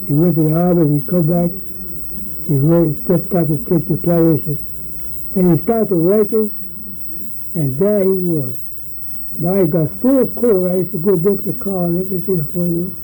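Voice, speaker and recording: An older man with a hoarse voice, telling long, rambling stories from his working life in an oral history interview and laughing between remarks. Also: a little high, mellow, slight background noise, rough recording.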